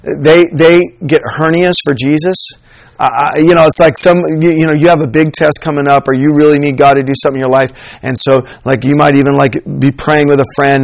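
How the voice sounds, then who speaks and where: A man preaching a humorous sermon, animated and joking as he acts out examples for his church audience. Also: a little high, a little fast. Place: church with slides.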